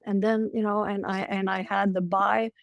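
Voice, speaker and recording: A woman's voice: medium pitch, little pitch movement, normal speed, vocal fry, no echo. An older woman, a co-parenting coach, telling personal stories in an emotional, repetitive way as a podcast guest. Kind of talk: casual interview chat.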